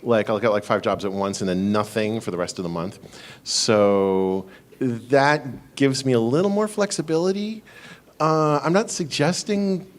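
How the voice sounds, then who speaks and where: A man with an average-pitched voice speaks on a convention panel. He hesitates often and drifts into jokes. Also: a little slow. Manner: jokey, hesitant with many uh's. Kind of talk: casual panel talk.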